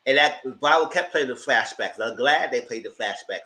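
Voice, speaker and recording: A man hosting a live TV review, giving sassy, animated commentary straight to his viewers. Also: medium pitch, normal speed, poor audio. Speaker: TV review host.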